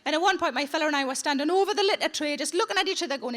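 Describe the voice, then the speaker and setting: A woman's voice: high voice, very fast, fairly bright tone. A woman comedian, telling blunt, sweary stories in a live stand-up set. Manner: blunt, sweary, conversational storytelling. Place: theatre stage, live audience.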